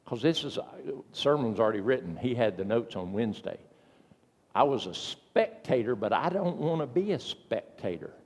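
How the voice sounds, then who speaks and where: An older male pastor delivering a sermon in a church, telling folksy stories and breaking into sudden loud, emphatic bursts. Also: fairly high pitch, in a large hall. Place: church sanctuary.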